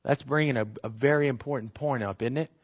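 A man's voice: medium pitch, fast talker, slightly rough, lo-fi sound. A man preaching a sermon as pastor, earnest and emphatic, repeating key phrases and asking the congregation rhetorical questions.

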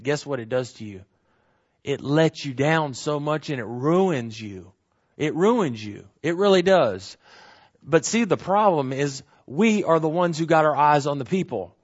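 A man's voice: on the high side, highs cut off. A man preaching a sermon as pastor, earnest and emphatic, repeating key phrases and asking the congregation rhetorical questions.

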